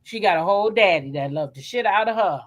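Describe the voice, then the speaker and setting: A woman's voice: medium pitch, expressive, fast talker. A woman hosting a casual gossip chat about reality TV. She talks bluntly and acts out what people should have said.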